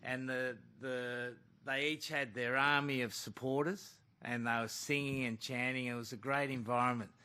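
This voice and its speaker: A rugby coach fielding questions at a press conference, speaking bluntly and casually and calling people mate. His voice is bright and forceful, sitting at a middle pitch for a man. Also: level tone, moderate pace, hardly any pauses, smooth. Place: press club room.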